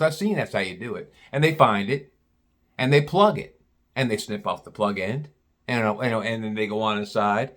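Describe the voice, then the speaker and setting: A man's voice: medium pitch, fairly bright tone. A man from Ohio telling a casual story, rambling and repeating himself, with the odd curse word. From Cincinnati, Ohio.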